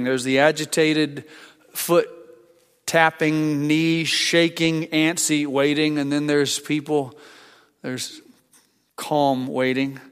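An older man preaching a sermon as a pastor, conversational and halting, with frequent restarts. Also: a little high, smooth. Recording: long hall reverb.

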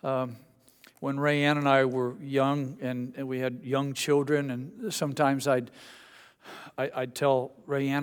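A man's voice: mid-range voice, flat delivery, slow pace, clear, resonant tone, long reverb tail. A middle-aged male pastor giving a sermon in a church, conversational and self-deprecating, often restarting his sentences. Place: church sanctuary. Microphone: amplified microphone.

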